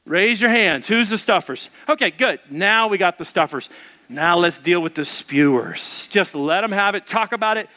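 Speaking at a normal pace, this pastor, a man somewhere in his thirties or forties, delivers a storytelling sermon to his congregation. His voice rings high and bright as he relates a funny story with lively energy, performing every quoted line.

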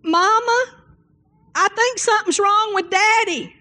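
A woman's voice: extremely high pitch, a little slow, pushed and bright, voice pushed up, heavily acted. A woman preacher voicing a frightened little boy calling for his mother. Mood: alarmed.

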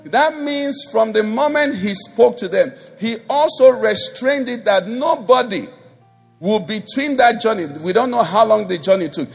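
High, gravelly pastor preaching. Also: male voice, animated, measured pace, faint music behind. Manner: emphatic, call-and-response preaching. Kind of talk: sermon.

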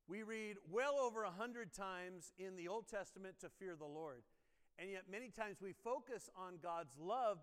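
Middle-aged male pastor, chatty storytelling sermon voice, smooth and resonant, long church reverb. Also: high voice. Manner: conversational, storytelling, asks the congregation questions. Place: church sanctuary.

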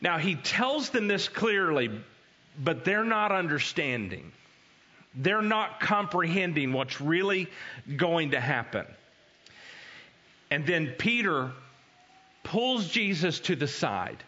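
A male pastor gives a conversational sermon in an animated, storytelling way. His voice is fairly high and bright. The recording sounds dull and lo-fi. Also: slow pace, pauses often.

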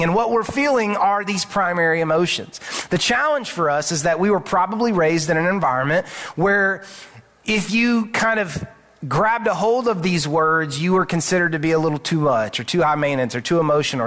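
A man preaching in a church, his voice sitting somewhat high for a man. He talks to the congregation in an earnest, conversational way rather than orating, and often restarts a phrase before pushing on. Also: brisk, fairly bright tone. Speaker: pastor. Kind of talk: sermon. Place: church sanctuary.

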